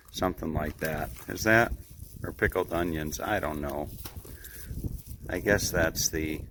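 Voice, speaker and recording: An American man, middle-aged, rambling in a folksy vlog as he films himself outside a takeaway shop at night on a phone camera. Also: deep voice. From United States. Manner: rambling, folksy, restarts phrases often. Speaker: travel vlogger. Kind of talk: casual walk-and-talk vlog. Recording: outdoor street noise behind. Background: traffic and street ambience.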